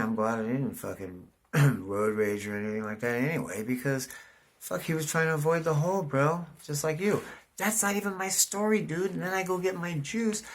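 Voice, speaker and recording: Rambling, profane man telling a story. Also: on the high side. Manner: profane, rambling, says "dude" constantly; animated, voice jumps up in excitement. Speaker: vlogger. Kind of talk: casual storytelling monologue.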